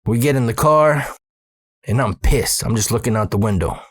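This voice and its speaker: Man, 30s, Arizona-raised storyteller host; casual and profane, slangy, gets animated; middle pitch, dry close mic. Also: normal speed, dry recording. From Arizona, USA. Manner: profane, streetwise slang, animated when excited.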